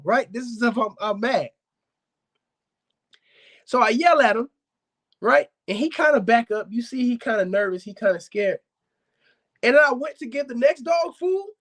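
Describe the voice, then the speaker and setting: A man hosting a casual live-stream chat about his dogs, animated and preachy, often calling out to viewers. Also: extremely high pitch. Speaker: dog kennel owner hosting a live talk show.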